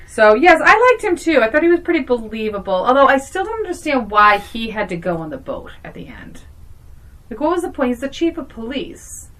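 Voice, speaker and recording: A woman's voice: a little high, very animated, brisk, fairly bright tone. A woman co-hosting a podcast, chatting casually, agreeing readily and asking her friend questions. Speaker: podcast co-host. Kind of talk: casual chat.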